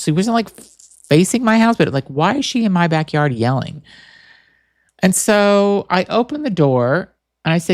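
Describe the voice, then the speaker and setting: A man's voice: high-pitched, animated, moderate pace, no room sound, clean studio sound. A man hosting a podcast, telling a rambling, chatty story full of fillers and restarts. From Boston area. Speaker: podcast host. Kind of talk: casual storytelling monologue.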